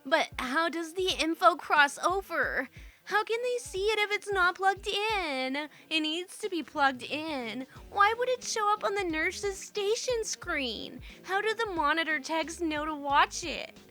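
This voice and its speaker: Woman narrator puts on a shrill, clueless nurse: squeaky, demanding, baffled. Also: expressive, measured pace, bright, forceful tone, soft background music, exaggerated voice. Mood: baffled whiny. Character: dim, whiny adult female nurse, baffled and demanding.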